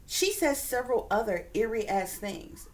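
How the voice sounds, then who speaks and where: A woman's voice: on the high side, big pitch swings, moderate pace. A woman hosting a reaction video, indignant and repeating her points for emphasis. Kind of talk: reaction commentary.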